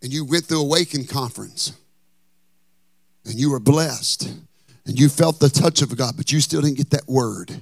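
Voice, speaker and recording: A man's voice: mid-range voice, moderate pace, gravelly, pauses often, no room sound. A man preaching a sermon as pastor, impassioned, with a chanted, singsong cadence.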